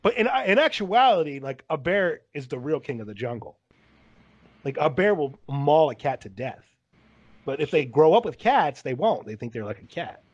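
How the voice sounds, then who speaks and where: A man hosting a casual podcast chat, rambling along and dropping "dude" into nearly every sentence. His voice sits a bit higher than most men's. The recording sounds dull and lo-fi. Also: sing-song, moderate pace. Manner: rambling, says "dude" a lot. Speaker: podcast host.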